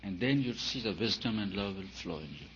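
Low-voiced man giving an emphatic spiritual talk. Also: animated, brisk. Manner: emphatic, rhetorical questions, swings between loud and soft. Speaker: spiritual teacher. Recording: dull lo-fi recording with faint hiss.

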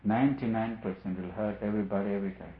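A man with a fairly low voice delivers a spiritual discourse as a teacher, measured and emphatic, repeating his points again and again. The sound is thin and phone-like, with a roomy echo around him. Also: fairly even intonation. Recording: echoey room, phone-like lo-fi sound.

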